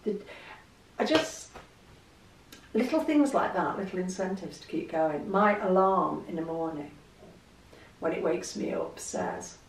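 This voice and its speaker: English woman vlogger, gravelly voice, roomy echo, mic set back, chatty storyteller. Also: fairly low pitch, animated, measured pace, distant mic, slight background noise. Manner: chatty, storytelling, laughs easily. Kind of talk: casual chat to camera.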